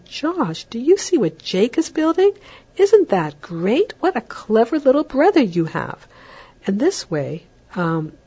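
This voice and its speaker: A woman giving a recorded parenting lecture in a chatty way, breaking into a lilting higher voice when she acts out what a parent might say. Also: dark tone, slightly rough. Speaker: parenting educator. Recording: dull lo-fi recording.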